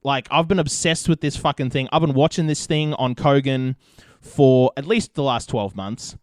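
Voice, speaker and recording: A man's voice: medium pitch, moderate pace, no room sound, studio quality. A young Australian man hosting a podcast, telling a rambling story with plenty of swearing in casual chat. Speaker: podcast host.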